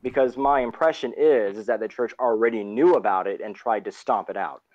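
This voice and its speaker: Man, mid-pitched, co-host on a live online chat; explanatory, restarts a lot; lo-fi, muffled line. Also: a little fast, darkish tone. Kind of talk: casual live discussion.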